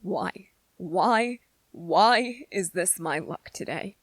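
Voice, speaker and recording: A woman's voice: fairly low pitch, expressive, very slow, no echo, exaggerated voice. A woman voicing an irritable young male soldier trainee in a whispered role-play, speaking with biting sarcasm and strained patience. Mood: bitter.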